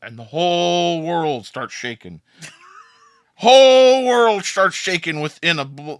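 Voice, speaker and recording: A man's voice: a little high, very animated, slow pace, smooth, no echo. A man narrating a tabletop role-playing game as its storyteller, in a rambling style that often breaks into laughs.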